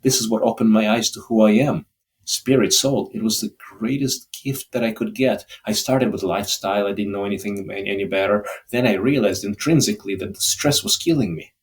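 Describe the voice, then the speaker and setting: A man's voice: lowish voice, brisk. A middle-aged man, a holistic doctor guesting on a podcast, talking in a reflective, emotional way with frequent restarts. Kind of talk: candid interview talk.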